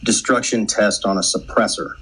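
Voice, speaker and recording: A man in casual podcast chat, halting and restarting his sentences, with dry humor. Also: lowish voice, fairly even intonation, over a noisy crowd, low-quality recording.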